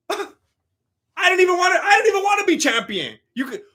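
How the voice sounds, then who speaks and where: A man putting on a mocking impression of a champion fighter who claims he never cared about his title, loud and exaggerated. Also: very high-pitched, very animated, normal speed, very noisy, pitched above the performer's own voice. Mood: mock-dismissive. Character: boastful male champion fighter acting nonchalant. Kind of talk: comic impression on a live stream.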